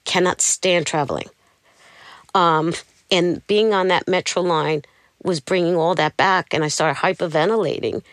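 A woman's voice: fairly low pitch, unhurried, no echo, studio quality. A woman, telling her life story as an interview guest and acting out the people in it. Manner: animated, acts out the voices of people in her stories.

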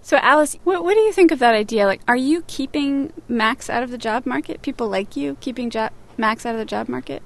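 A woman co-hosting a radio show, narrating and asking questions in a lively, curious way. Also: high voice, brisk, vocal fry, few pauses. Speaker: radio reporter and co-host.

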